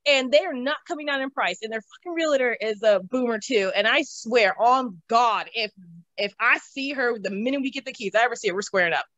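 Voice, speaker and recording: A young woman telling stories from her own life in an interview. She is animated, laughs often and swears casually. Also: on the high side, brisk, no room sound. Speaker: interview guest. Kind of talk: casual storytelling. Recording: slightly dull, dry recording.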